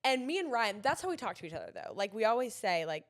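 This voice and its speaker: Lively young woman, rambling. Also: on the high side, fast. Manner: rambling, self-deprecating storytelling. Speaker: podcast co-host. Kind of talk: casual chat.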